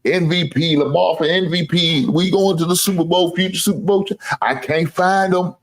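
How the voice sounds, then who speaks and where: Brisk and steady-toned, this high-voiced man hosts a sports show. His casual, trash-talking rant to viewers is boastful and teasing, with plenty of swearing and laughs at his own jokes.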